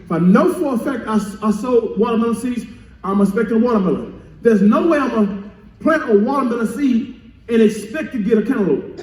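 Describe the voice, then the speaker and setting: A man with a very high voice preaches a sermon in a church, leading the room in call-and-response. He repeats key phrases and moves from quiet teaching to shouted peaks. The sound is echoey and roomy. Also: a little fast, distant mic. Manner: surges from soft teaching to shouted emphasis. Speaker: pastor. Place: church sanctuary.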